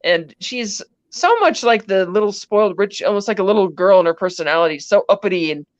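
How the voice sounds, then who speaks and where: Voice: mid-range voice, expressive, fairly quick, dry recording, highs cut off. A podcast co-host casually recapping a film scene by scene, in a chatty, rambling way full of "he's like" asides. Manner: rambling, chatty retelling with many "he's like" quotes.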